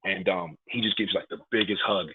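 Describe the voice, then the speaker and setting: A man's voice: sits low, steady tone, brisk, slightly rough. A man, a wrestler guesting on a podcast, telling a heartfelt story in casual, rambling talk full of "like" and "man". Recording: phone-like narrow band audio.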